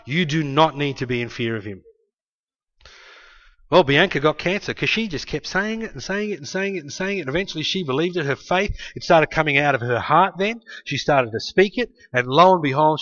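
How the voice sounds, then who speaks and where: Brief: man, preacher, animated storytelling sermon, loud-soft swings, muffled sound. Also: on the high side, fairly quick. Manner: emphatic, storytelling, frequent "hey" asides, swings from loud to quiet. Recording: dull lo-fi sound.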